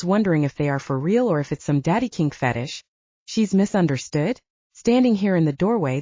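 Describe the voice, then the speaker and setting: A woman narrating an audiobook in an expressive storytelling manner, in a dull lo-fi recording. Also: fairly low pitch, dry recording.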